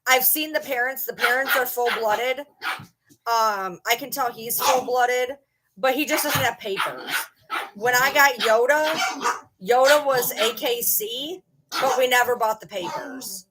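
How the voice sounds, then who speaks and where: Through heavy background noise comes a woman's slightly high, unhurried voice as she chats on her home vlog channel. Rambling and swearing without a second thought, she keeps turning to talk to her dogs mid-sentence.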